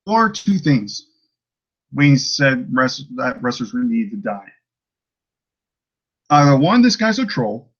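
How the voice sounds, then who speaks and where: A man's voice: a little high, slightly rough, dull audio. A man ranting in a casual vlog, rambling and exasperated, with many restarts and fillers. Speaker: YouTuber ranting about a commenter.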